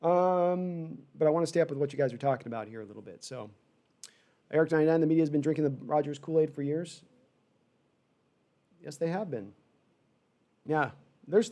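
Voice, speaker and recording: This man hosts a fan stream, reacting to live sports in an animated, wandering way with frustrated asides as he reads chat. His voice is fairly high, his pace a little quick, and he leaves long pauses.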